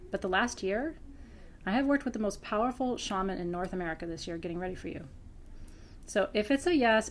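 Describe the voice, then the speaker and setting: A woman who teaches spiritual practice, talking earnestly to her students close to tears, dropping to a hush and then rising with bright laughs. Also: on the high side, slight background noise. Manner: earnest, swings between hushed intensity and laughing brightness. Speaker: spiritual teacher hosting a member Q&A. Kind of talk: emotional heartfelt address to students.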